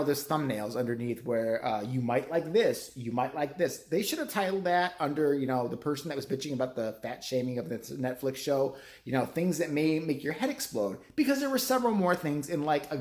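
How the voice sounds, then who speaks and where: A middle-aged vlogger ranting with heavy sarcasm and constant swearing, the thoughts tumbling out in loose rambles. The pitch swings widely, and the voice bounces around an echoey room. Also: very animated, brisk. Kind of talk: profane rant. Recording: roomy echo.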